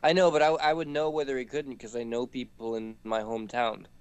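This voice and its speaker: A man's voice: medium pitch, flat delivery, brisk, smooth. A man playing a tabletop game, asking unsure, hedging questions. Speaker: player. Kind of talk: casual tabletop game play.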